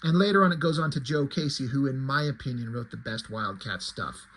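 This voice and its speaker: A man's voice: mid-range voice, a little fast, a bit bright, poor audio. A man casually reviewing a comic book, chatty and rambling with plenty of fillers.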